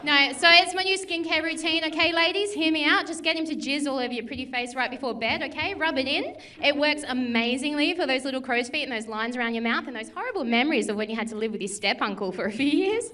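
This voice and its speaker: Aussie woman comic, high bright voice, brash and bawdy, music under it. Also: quick pace. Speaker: stand-up comedian. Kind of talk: stand-up set and interview. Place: comedy club.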